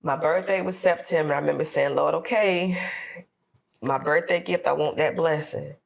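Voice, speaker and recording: A woman's voice: low voice, normal speed, vocal fry, slight background noise. A woman from Florida telling an emotional personal story on a podcast, acting out her prayers and what others said. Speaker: podcast guest.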